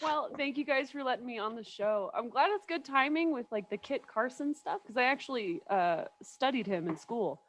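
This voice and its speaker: A young woman does stand-up comedy over a video call, pitched a little high. She rambles and mocks herself, laughing at her own jokes, with a faint hiss of noise behind her. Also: lively intonation, normal speed, hardly any pauses. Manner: rambling, self-mocking, laughs often.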